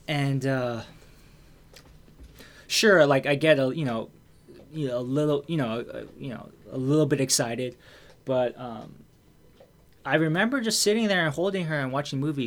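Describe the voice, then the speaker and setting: An American man telling a personal story in casual conversation. He talks candidly, swears freely and fills his speech with restarts and fillers. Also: medium pitch.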